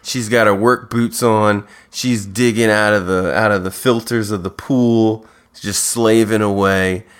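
A man's voice: lowish voice, steady tone, a little slow, smooth. A man co-hosting a podcast, recapping a TV episode in a casual, laid-back way and slipping into silly character voices. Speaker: podcast co-host.

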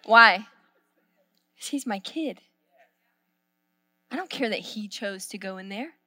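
High bright-voiced woman pastor preaching. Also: expressive, slow. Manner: storytelling, swings from hushed to shouting. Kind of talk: sermon.

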